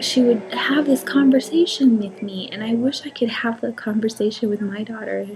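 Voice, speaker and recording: A young woman vlogging as a mother, speaking softly and haltingly, often close to a whisper. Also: a little high, fairly even intonation, a little hiss or hum, rough recording. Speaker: mother vlogging about her daughter. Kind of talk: emotional personal vlog. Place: home.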